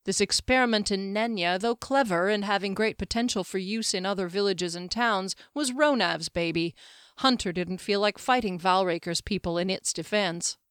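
Brief: female audiobook narrator, measured fantasy reading, dry close sound. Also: mid-range voice, fairly bright tone, clear, resonant tone, no echo.

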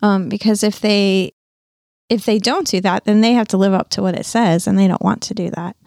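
A woman's voice: mid-range voice, steady tone, moderate pace, creaky, darkish tone, dry recording, clean studio sound. A woman co-hosting a casual faith discussion, agreeable and chiming in with short affirmations. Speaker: co-host.

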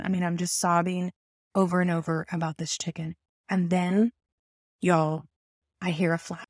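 A woman telling a personal story in an animated, self-mocking way, full of rambling asides. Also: lowish voice, moderate pace, no echo, studio quality.

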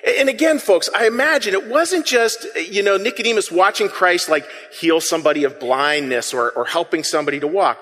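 A man with a high, animated voice delivers a sermon to his congregation in a relaxed, conversational way, asking them to answer back. His tone is bright and forward. The sound rings in a large hall with long reverb. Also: a little fast, few pauses. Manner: conversational, asks the congregation to respond. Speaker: pastor.

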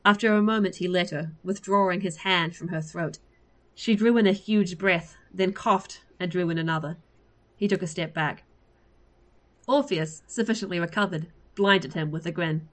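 A woman reading a fantasy story aloud in a lively way. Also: fairly low pitch, moderate pace. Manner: lively, laughs at the story between passages. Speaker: story reader.

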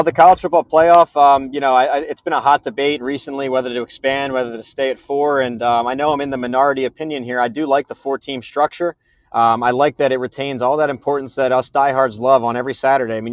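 A man guest on a podcast, talking sports in a casual, earnest way with lots of fillers. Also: medium pitch. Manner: earnest, many fillers and restarts. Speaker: podcast guest, preview writer.

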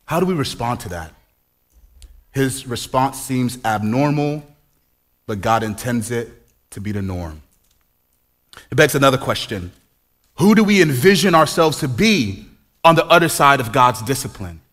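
A man's voice: medium pitch, big pitch swings, unhurried, pauses often, a bit bright. A man in his forties preaching a sermon in a conversational way, full of rhetorical questions and playful asides. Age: 40s. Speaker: pastor.

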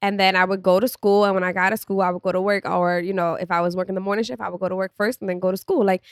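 A woman's voice: medium pitch, steady tone, very fast, no room sound, clean studio sound. Candid, chatty young woman podcaster. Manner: candid, chatty, laughs often. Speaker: podcast co-host. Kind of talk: casual chat.

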